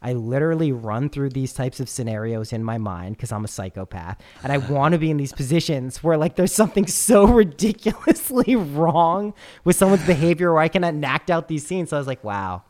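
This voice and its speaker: A man in his thirties from the United States, a podcast host telling stories in casual chat, animated and full of swearing. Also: fairly high pitch, a little fast, few pauses. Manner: profane, animated storyteller.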